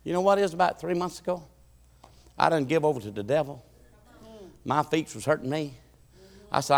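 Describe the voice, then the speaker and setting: A preacher in his fifties with a notably high voice for a man. He delivers a rhythmic church sermon that rises to shouted appeals and drops to quiet, folksy asides. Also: a little fast, creaky, long pauses. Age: 50s. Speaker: pastor.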